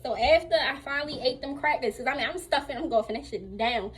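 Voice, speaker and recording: A young woman, telling a lively storytime about her surgery recovery at home while still a little sore. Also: sits high, quick pace, hardly any pauses, husky. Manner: chatty, animated retelling with acted-out quotes. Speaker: vlogger. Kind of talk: casual storytime while getting dressed.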